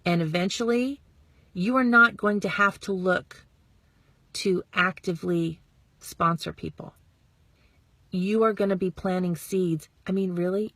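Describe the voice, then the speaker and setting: A woman's voice: medium pitch, lively intonation, dry recording. Bubbly woman coaching her followers. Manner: bubbly, chatty, acts out quick quoted dialogue. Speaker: network marketing coach. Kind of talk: casual motivational talk to followers.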